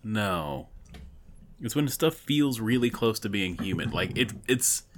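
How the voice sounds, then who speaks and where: A man's voice: fairly low pitch, expressive, a little slow, a little hiss or hum. A young man in casual chat, blunt and swearing often.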